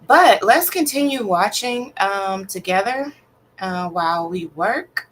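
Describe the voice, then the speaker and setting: A tired woman from Alabama, chatting casually and slowly on a late-night livestream while she yawns. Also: mid-range voice, expressive, a bit bright, slight background noise, low-quality recording. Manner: slow, easygoing, calls listeners "child". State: tired and yawning. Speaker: writer and livestream host. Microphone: off camera, voice only.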